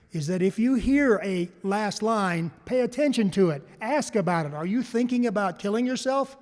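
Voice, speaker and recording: A man speaks to a conference crowd in a high, bright voice. He tells stories and draws answers from the audience, repeating them back. His voice rings out with a long hall reverb. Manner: storytelling, asks the crowd questions and repeats their answers. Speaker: panel speaker on farm mental health. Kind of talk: public talk to a live audience.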